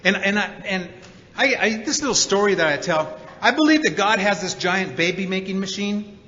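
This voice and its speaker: High bright man telling stories in a hall. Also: normal speed. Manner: animated storyteller, acts out quotes, many repeated 'and's. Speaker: recovery meeting speaker. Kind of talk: storytelling talk to an audience. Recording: dull recording in a hall with reverb.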